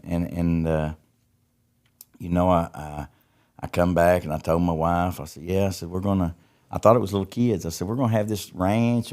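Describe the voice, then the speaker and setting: Middle-aged man, podcast guest, deep low voice, rambling folksy storyteller. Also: a little mellow, smooth. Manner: folksy, repeats words as he tells stories. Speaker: podcast guest, recovery ministry founder. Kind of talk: casual testimony storytelling.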